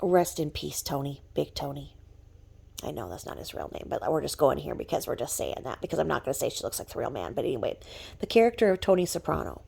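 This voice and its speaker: A woman with a low, creaky voice vents in a gossipy vlog rant. She mocks her target openly and keeps dropping into hushed whispered asides. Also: animated, fast talker. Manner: mocking, drops to whispered asides. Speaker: vlogger.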